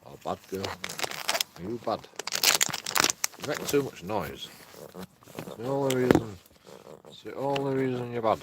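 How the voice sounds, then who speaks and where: A man's voice: medium pitch, animated, normal speed, pauses often, very noisy. A man streaming casually, coaxing his dogs in a singsong voice, swearing and making mock threats. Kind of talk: casual chat with his pets.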